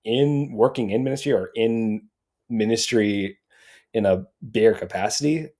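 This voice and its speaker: Mellow low-voiced man, reflective chat. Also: normal speed. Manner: reflective, repeats words as he thinks. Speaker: podcast guest. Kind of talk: casual podcast chat.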